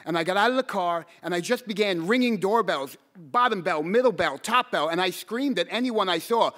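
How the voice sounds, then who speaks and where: A man telling a personal story live on stage, earnest and halting, repeating words as he goes and bursting into shouts when he quotes himself. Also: high-pitched, animated.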